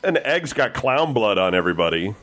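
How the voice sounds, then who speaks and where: Fast-talking rambling man. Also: lowish voice, sing-song, a bit bright. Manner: rambling, hesitant restarts. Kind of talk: casual storytelling chat.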